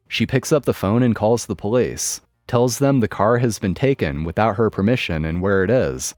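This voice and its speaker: A man narrating a forum story aloud in an expressive storytelling way. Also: on the low side, moderate pace, hardly any pauses, no room sound, studio quality, faint music behind.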